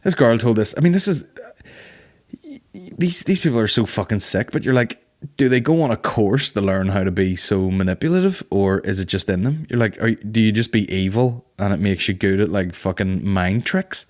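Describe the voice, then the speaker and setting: Sweary rambling podcast host, lowish voice. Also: male voice, expressive, normal speed. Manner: sweary, rambling, laughs at his own jokes. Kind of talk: casual comedic monologue.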